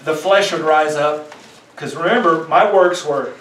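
A man's voice: fairly high pitch, unhurried, a bit bright, reverberant, distant mic, a little hiss or hum. A man, a pastor, preaching a sermon in a conversational way, often acting out the voices he quotes. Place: church sanctuary.

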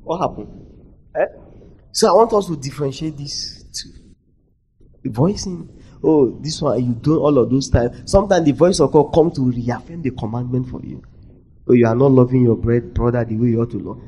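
Preacher, swinging loud to soft. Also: male voice, mid-range voice, moderate pace, a little hiss or hum, rough recording. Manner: call-and-response prompts, swinging between loud emphasis and near-whispers. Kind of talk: sermon. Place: conference hall.

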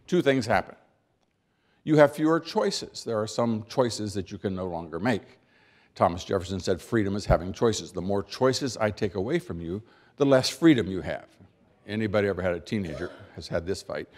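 An American man giving a keynote speech, emphatic, with dry humor, rhetorical questions and deliberate pauses for effect. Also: lowish voice, animated. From United States. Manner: rhetorical questions and repeated build-ups. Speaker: keynote speaker.

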